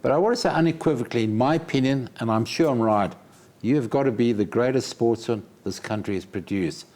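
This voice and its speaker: Male interviewer, warm mellow tone, earnest, emphatic. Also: medium pitch, brisk. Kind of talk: formal interview closing.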